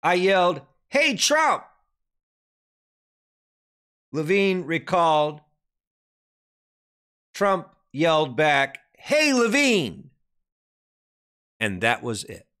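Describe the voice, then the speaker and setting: A man preaching a dramatic sermon, hammering questions at his listeners and then sinking to a low, grave tone. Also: sing-song, extremely slow, long pauses, a bit bright, clean tone. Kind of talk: impassioned sermon commentary.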